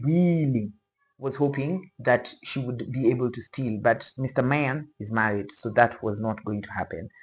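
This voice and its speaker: A woman's voice: a bass voice, low-quality recording. A woman chatting casually as a reaction vlogger, rambling and playfully opinionated, with slang asides.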